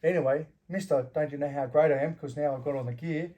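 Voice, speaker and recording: A man's voice: on the high side, steady tone, fast, dark tone. A middle-aged Australian man, a former fighter, telling door stories in casual interview talk and swearing freely. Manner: swears freely, acts out quarrels in anecdotes. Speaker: guest, former fighter and bouncer.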